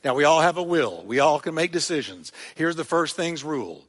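A man preaching a sermon to his congregation, telling the story with animated emphasis and loud, emphatic peaks. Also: fairly high pitch, fairly quick. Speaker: pastor. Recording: long hall reverb.

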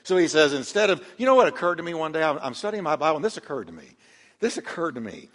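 Male pastor, slightly high voice, forceful energetic preaching, long hall reverb. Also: fast talker. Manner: emphatic preaching with call-and-response to the congregation. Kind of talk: sermon.

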